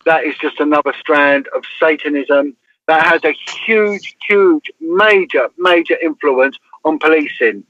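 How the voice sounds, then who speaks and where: A man's voice: on the high side, measured pace, a bit bright, muffled recording. An English man, a former police detective, telling a story as an interview guest in an emphatic way, often checking in with "right?".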